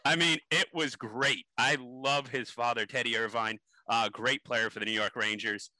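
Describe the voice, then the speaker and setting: A man's voice: mid-range voice, fairly even intonation, normal speed, pushed and bright, no echo, rough recording. A man being interviewed, telling stories animatedly with many ums and restarts. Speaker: interview guest. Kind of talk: casual interview storytelling.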